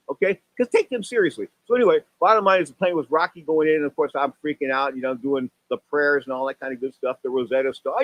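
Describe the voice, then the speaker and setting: Fast-talking older man, boxing radio host. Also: on the high side, no room sound, low-quality recording. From San Francisco Bay Area. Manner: animated storyteller, voice jumps up for exclamations and acted quotes. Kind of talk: rambling radio talk show monologue.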